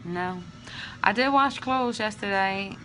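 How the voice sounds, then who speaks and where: Chatty woman with a bright voice. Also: medium pitch, takes it slowly. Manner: chatty, candid and emotional. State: drained and low on energy. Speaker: vlogger sharing IVF updates. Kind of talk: casual vlog.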